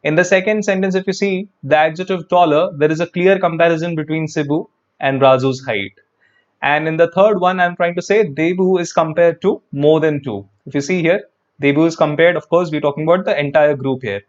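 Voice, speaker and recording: A man teaches an online English grammar lesson, speaking a little high and a little fast on a muffled recording. He's chatty and repetitive, talking directly to his viewers and responding to their comments.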